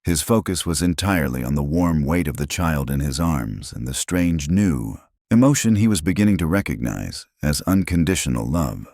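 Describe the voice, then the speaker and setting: A man with an extremely deep voice reads a science fiction story in steady, even scripted narration. The sound is dry and close to the mic, with no room around it. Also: moderate pace, hardly any pauses, no echo.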